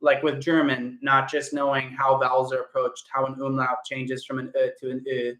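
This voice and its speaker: A man's voice: medium pitch, completely flat delivery, normal speed, fairly bright tone. A young man, an actor, chatting casually on a livestream and greeting viewers by name in an upbeat way. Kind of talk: casual livestream chat answering viewer comments. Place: indoor home room. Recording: echoey room sound.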